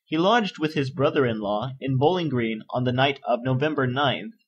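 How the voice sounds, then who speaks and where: A man reading an encyclopedia article aloud in a measured, even narration. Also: mid-range voice, slightly rough, highs cut off. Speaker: volunteer article reader. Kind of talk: steady read-aloud narration.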